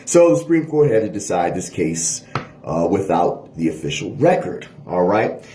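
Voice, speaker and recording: A man lecturing on a court case in a lively teaching voice, checking in with listeners often. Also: deep voice, moderate pace, roomy sound. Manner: animated lecturing, frequent "all right?" checks. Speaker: history teacher. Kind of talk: lecture video.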